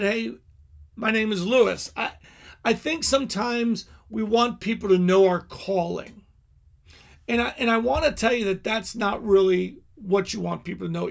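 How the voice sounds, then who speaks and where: A man's voice: high-pitched, creaky, a bit bright. A middle-aged male pastor giving a candid teaching talk, telling personal stories with frequent asides and restarts.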